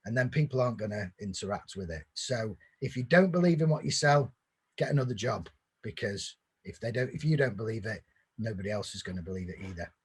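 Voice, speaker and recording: A man's voice: on the low side, lively intonation, brisk, breathy edge. A man presenting a casual online sales workshop, giving blunt, direct advice. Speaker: webinar presenter.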